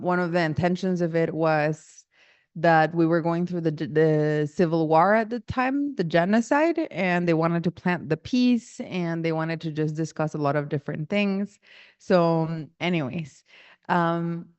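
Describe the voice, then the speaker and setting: Woman, casual storytelling, self-correcting, dull lo-fi sound, smooth voice. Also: lowish voice, no echo. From Guatemala. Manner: rambling, self-correcting, acts out quoted voices. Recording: dull lo-fi audio.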